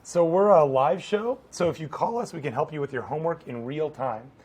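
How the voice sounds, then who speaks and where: A man's voice: on the high side, a little fast, a little mellow, slight background noise. A man who teaches science, co-hosting a live call-in homework show with a playful, jokey manner.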